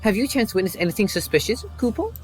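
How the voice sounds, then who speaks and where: A man voicing a small, fluffy forest creature in a high, bouncy, sing-song voice. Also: big pitch swings, fast, a little mellow, soft background music. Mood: chirpy.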